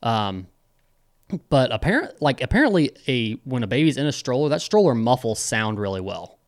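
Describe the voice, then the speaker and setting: A young man talks through a casual podcast chat, wandering through his stories with plenty of ums and restarts. His voice is smooth and resonant, recorded close and dry with no room sound. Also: medium pitch, very animated, normal speed, no echo. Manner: rambling, many fillers and restarts. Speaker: podcast co-host.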